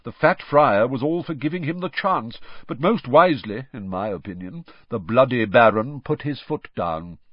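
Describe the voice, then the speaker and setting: A man's voice: mid-range voice, animated, normal speed, hardly any pauses, no echo, highs cut off, voice pushed up, natural voice. A man voicing a fussy, gossipy old male ghost in a storybook reading, in a genteel manner.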